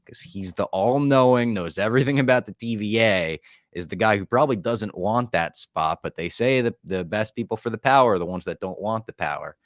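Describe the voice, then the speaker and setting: A man's voice: fairly low pitch, a little fast, no echo, studio quality. A man hosting a podcast, recapping a show in casual chat and telling jokey stories. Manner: animated, jokey storyteller. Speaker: podcast host.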